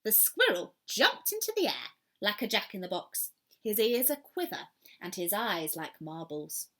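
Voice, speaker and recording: A woman teacher reads a children's storybook aloud and stops to ask the class questions. She reads slowly and brightly, with a very lively, expressive pitch. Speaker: primary school teacher.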